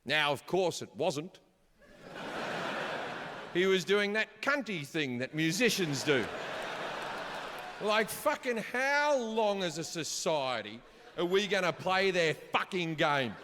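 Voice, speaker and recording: A man doing stand-up storytelling, swearing freely and shouting his punchlines, recorded live on a theater stage. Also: sits high, slow pace, long pauses, background noise. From Australia. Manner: profane, animated, shouts punchlines. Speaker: stand-up comedian. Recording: live hall reverb, audience ambience.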